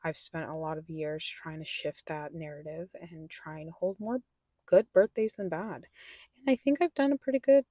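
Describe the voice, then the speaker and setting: A woman's voice: sits low, normal speed, dark tone, dry recording. A young adult woman talking candidly in a personal vlog, rambling and correcting herself, sometimes dropping to a whisper. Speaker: vlogger.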